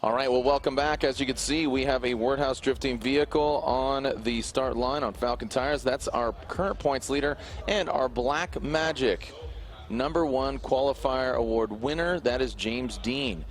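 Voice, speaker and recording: A man's voice: moderate pace, slight background noise. A man doing live play-by-play commentary at an outdoor drift event, his voice climbing as he calls the action. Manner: energetic, rises in pitch calling the action.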